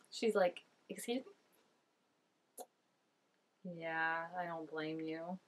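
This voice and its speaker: Her low-pitched voice stays steady and fairly bright, and she speaks extremely slowly. She's a young woman hosting a reaction video, gushing in a chatty way, filling her speech with "like" and laughing frequently.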